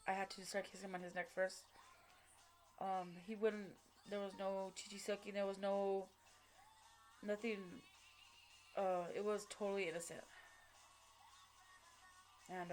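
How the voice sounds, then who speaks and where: Halting woman telling her story. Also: medium pitch, level tone, a little mellow, faint music behind. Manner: halting, with many fillers and restarts; blunt, with casual swearing. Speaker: vlogger. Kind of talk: personal storytelling.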